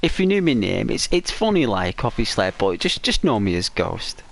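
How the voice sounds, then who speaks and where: A man's voice: on the low side, very animated, normal speed, creaky, a little hiss or hum. A young man streaming a game, chatting casually with viewers, answering their messages, rambling and laughing often.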